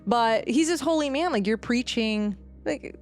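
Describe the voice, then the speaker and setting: Over soft background music, a podcast co-host tells a history story at a measured pace in a voice on the high side. Her chatty, animated delivery is packed with fillers and slips into quoted voices as she presents the research.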